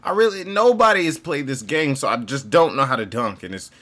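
A young man hosting casual gameplay commentary, excitable and swearing, often mocking himself. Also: medium pitch, brisk. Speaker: gaming channel host.

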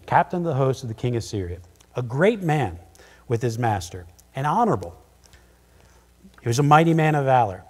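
A man's voice: mid-range voice, mellow. A man teaching a Bible sermon in a casual, conversational way, paraphrasing scripture with frequent restarts. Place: church sanctuary. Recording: church hall with long reverb.

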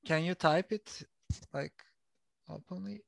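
A man's voice: a little high, slow pace, gravelly, no echo. A man with a Turkish accent co-hosting a webinar, chatting casually and reading out audience answers. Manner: relaxed, reads out audience answers. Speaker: host and co-presenter.

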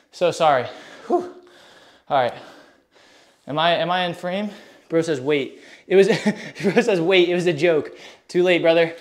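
An out-of-breath man live-streaming a workout, chatting with viewers in a hyped, slangy way while exercising. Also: high-pitched. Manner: hyped, slangy, reads chat aloud. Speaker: fitness streamer.

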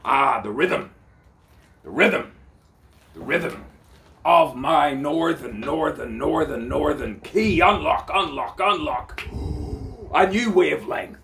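A man's voice: a little high, slow, vocal fry, pauses often, fairly bright tone, far from the mic, slight background noise. A man rambling in an improvised spoken-word monologue, theatrical, swearing freely and repeating words over and over.

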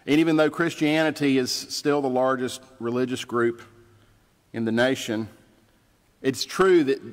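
Male pastor, mid-pitched voice, plainspoken sermon in a church with long echo. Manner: conversational storytelling, plainspoken. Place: church sanctuary. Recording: church livestream with long reverb.

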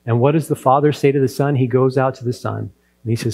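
A man's voice: medium pitch, steady tone, quick pace, creaky, a little mellow, husky. A man preaching a sermon, retelling a parable and acting out the characters' lines. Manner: storytelling preacher who acts out the characters' quotes. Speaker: pastor.

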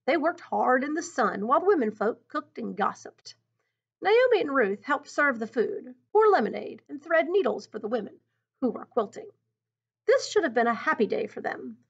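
A woman reading a picture book aloud in an expressive, teacherly way, pausing to think aloud about the story. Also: sits high, husky. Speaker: storybook reader. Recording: dull lo-fi recording.

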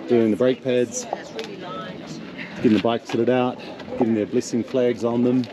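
A man's voice: mid-range voice, little pitch movement, unhurried, muffled recording. Awed man vlogging outdoors among crowds. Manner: reflective, softly awed, musing. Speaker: tour leader and vlog host. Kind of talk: casual travel vlog narration. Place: outdoors in a high mountain town. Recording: outdoor street crowd behind.

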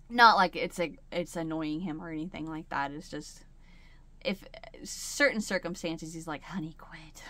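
A woman's voice: medium pitch, fairly bright tone. Chatty woman rambling about crochet at home. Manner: chatty and rambling, laughs often. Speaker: crochet channel host. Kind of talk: casual chat. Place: home, sitting in a chair.

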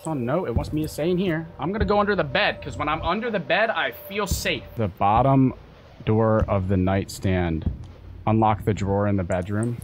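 A man's voice: mid-range voice, expressive, moderate pace. A young man streaming a horror game, muttering to himself, then shrieking and cursing in panic. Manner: swings from mumbling to panicked shrieking and swearing. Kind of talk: gaming commentary. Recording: game music playing behind.

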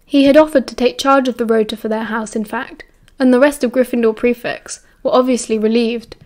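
This is an audiobook reading by a British female narrator whose slightly high voice carries the story at an even, deliberate pace.

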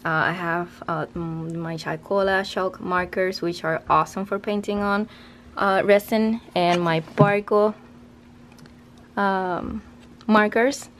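A woman's voice: mid-range voice, fairly even intonation, slow pace, a little hiss or hum. A woman casually narrating a tour of her home craft studio, chatting loosely with fillers and restarts.

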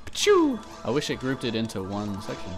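A man's voice: lowish voice, fast talker. A young man chatting casually while playing a video game, joking, swearing and laughing often. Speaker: let's play co-host. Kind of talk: casual gaming chat. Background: game music.

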